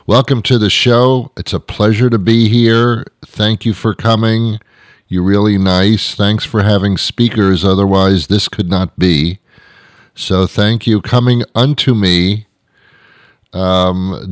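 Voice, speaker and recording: Slow-talking sarcastic male comedy host. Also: on the low side, no echo, clean studio sound. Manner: sarcastic, rambling, self-mocking. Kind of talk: comic monologue.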